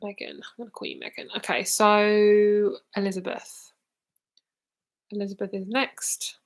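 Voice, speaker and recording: A woman's voice: mid-range voice, steady tone, unhurried. A woman giving tarot readings on a live stream, chatty and blunt, laughing often and tired enough to yawn. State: tired, yawning. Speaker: tarot reader.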